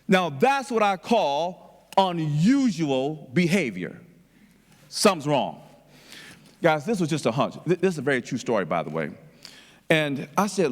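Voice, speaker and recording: A man's voice: fairly high pitch, very animated, moderate pace. A man telling stories as a conference speaker, conversational and repetitive, in a conference hall. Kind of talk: storytelling keynote. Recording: long reverb of a conference hall.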